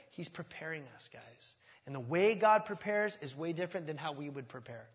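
A man's voice: on the high side, animated, brisk, few pauses. A middle-aged man preaching a sermon as pastor, impassioned and often rising to emphatic outbursts.

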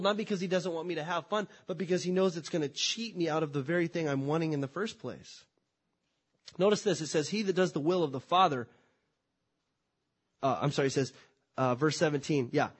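Pastor, male, husky and a bit high-voiced, conversational preacher with rhetorical questions. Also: fairly quick. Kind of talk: sermon.

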